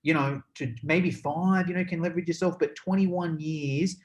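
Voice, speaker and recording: Excitable rambling male podcast host. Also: fairly high pitch, moderate pace. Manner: excitable, rambling, with many fillers. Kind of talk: casual interview chat.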